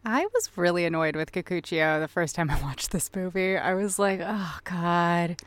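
A woman's voice: on the low side, moderate pace, dry recording. A woman in her thirties co-hosting a casual film podcast, chatty, laughing often and acting out quotes. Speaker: podcast co-host.

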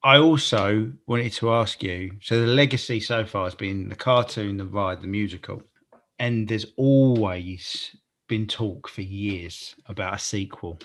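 An English man from Kent, co-hosting a podcast and telling stories in an animated, casual way with some swearing. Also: on the low side, a little slow. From Gravesend, Kent, England. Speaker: podcast co-host. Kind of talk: casual chat.

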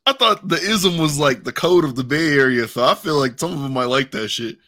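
A man co-hosting a podcast, reacting with quick comments and laughter in casual chat. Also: on the high side, lively intonation, pushed and bright. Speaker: podcast co-host.

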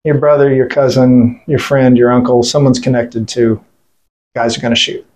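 Speaking at normal speed in a level, darkish, medium-pitched voice, a veteran interviewed as a guest bluntly recounts a story with plenty of profanity. It's rambling, with fillers and restarts, and he leans on quoting what other people told him.

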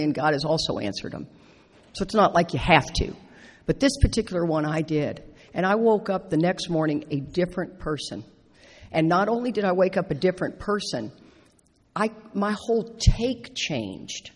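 A middle-aged woman giving a personal recovery talk to an audience, animated and emphatic, repeating phrases for stress. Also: fairly low pitch, breathy edge. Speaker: speaker at a recovery convention. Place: large indoor meeting hall. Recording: reverberant hall.

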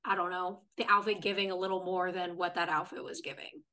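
Bright-voiced woman recapping a TV episode. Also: lowish voice, level tone, fairly quick. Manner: retells scenes at length, reading out characters' lines. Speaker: podcast co-host. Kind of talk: casual chat recapping a TV episode.

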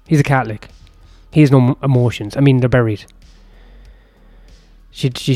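A man's voice: mid-range voice, a little mellow, slightly rough, dry recording. Brief: male storyteller, improvised and rambling, profane asides, faint music behind.

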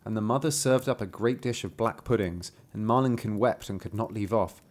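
A man reading a fairy tale aloud with a wry, animated manner, breaking off to joke. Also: lowish voice, a little fast. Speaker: storyteller.

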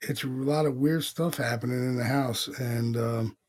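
A man co-hosting a podcast, telling stories in casual chat, animated, with slang and swearing. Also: medium pitch, normal speed. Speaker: podcast co-host.

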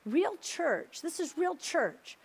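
A woman pastor preaching a fervent sermon, building to excited peaks with emphatic repetition. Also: extremely high pitch, takes it slowly.

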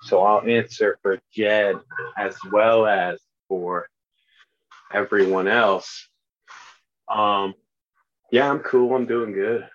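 A man on a podcast talking in casual chat, with a slight lisp from missing teeth and a halting way of speaking full of fillers. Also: fairly low pitch, fairly even intonation. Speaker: returning podcast guest. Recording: dry, dull lo-fi sound.

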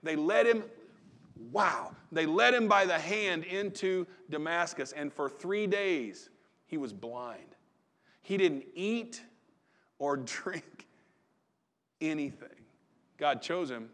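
A man preaches in a relaxed, folksy manner. He acts out the voices in the stories he tells. His voice sits a little high. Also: slow pace, pauses often. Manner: folksy, conversational preaching with dramatized quotes. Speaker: pastor. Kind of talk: sermon.

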